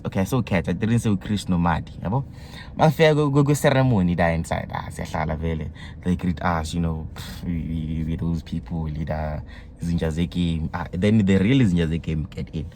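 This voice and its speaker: Deep-voiced South African young man. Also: a little hiss or hum. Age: young adult. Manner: excitable, mixes slang and local words. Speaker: vlogger. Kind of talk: casual storytelling vlog.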